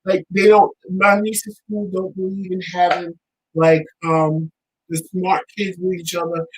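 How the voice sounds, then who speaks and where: A man's voice: high voice, level tone, a little slow, husky, low-quality recording. A man hosting a talk show in casual chat, making his points with emphasis and repeating them.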